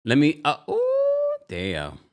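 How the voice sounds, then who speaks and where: A man's voice: lowish voice, fairly bright tone. A man hosting a live stream, chatting casually and reading viewer comments aloud as he goes. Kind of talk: casual live recap chat.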